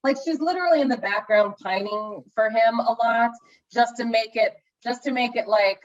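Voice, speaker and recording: A woman's voice: mid-range voice, animated, fairly quick, highs cut off. Gushing, rambling woman reviewing movies. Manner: gushing, rambling with many restarts and acted-out asides. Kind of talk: casual movie review chat.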